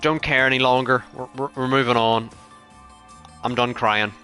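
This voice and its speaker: A man live-streaming a racing game, talking to his chat, excitable and foul-mouthed, swinging from yelling to muttering. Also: medium pitch, normal speed, faint music behind. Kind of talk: live gaming commentary to chat.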